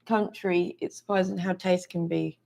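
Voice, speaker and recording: An Australian woman chats on a live stream with a strongly gravelly, fry-laced voice. She makes quick asides and laughs often. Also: on the low side, steady tone, a little mellow. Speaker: co-host. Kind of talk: casual live Q&A chat.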